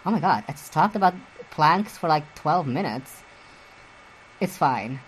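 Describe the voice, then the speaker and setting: A woman with a low voice hosts a solo commentary show. She rambles crudely, with frequent giggles, fillers and restarts. A faint noise sits under her voice. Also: lively intonation, moderate pace, rough recording. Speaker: podcast host.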